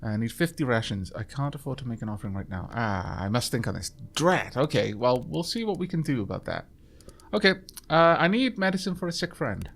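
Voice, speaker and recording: A man's voice: mid-range voice, big pitch swings, brisk, vocal fry, a bit bright. A man hosting a game let's play, chatting casually with many fillers and reading the game's dialogue aloud. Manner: chatty, many ums and uhs, reads game text aloud.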